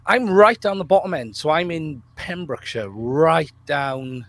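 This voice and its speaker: A man guesting on a podcast, talking in a rambling, self-deprecating way, his voice rough from a cold, over a video call. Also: fairly high pitch, measured pace, a bit bright, a little hiss or hum. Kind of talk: casual podcast chat.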